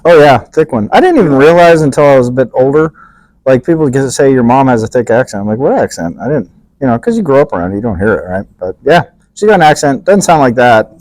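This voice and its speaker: A man's voice: medium pitch, expressive, quick pace, a little mellow, no room sound, poor audio. A man co-hosting a podcast, chatting casually, joking and swearing freely. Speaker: podcast co-host. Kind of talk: casual chat.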